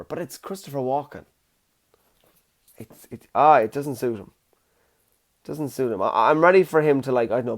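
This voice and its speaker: A man's voice: medium pitch, a little mellow. A man with an Irish accent hosting a solo podcast, chatty and jokey, swearing casually. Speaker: podcast host.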